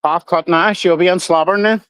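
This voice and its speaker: A man's voice: high-pitched, steady tone, a little fast, fairly bright tone, clear, resonant tone, low-quality recording. A middle-aged man, swearing freely as he rambles through stories on his casual livestream. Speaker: livestream host.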